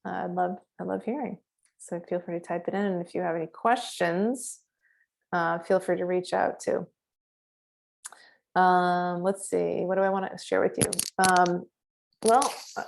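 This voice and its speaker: A middle-aged woman, a meditation guide, chatting casually to her viewers with fillers and quick bursts. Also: on the low side, creaky.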